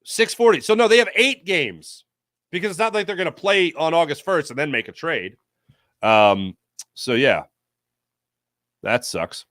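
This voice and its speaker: Rambling, jokey sports talk host. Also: male voice, on the high side, animated, unhurried, pauses often, fairly bright tone, no echo, clean studio sound. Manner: rambling, jokey, self-correcting, reacts aloud to comments. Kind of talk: casual live-stream chat reading viewer comments.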